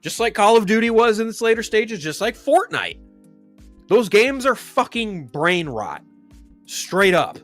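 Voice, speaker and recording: Profane ranting man, high and lively. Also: a little slow, faint music behind. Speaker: commentary show host. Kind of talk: ranting commentary.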